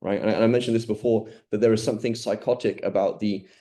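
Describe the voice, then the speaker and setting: A man's voice: fairly low pitch, steady tone, quick pace, warm tone. A man giving an informal Quran lesson, blunt and emphatic, often checking in with "right?". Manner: blunt, emphatic, conversational with many "right?" tags. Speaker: Quran teacher.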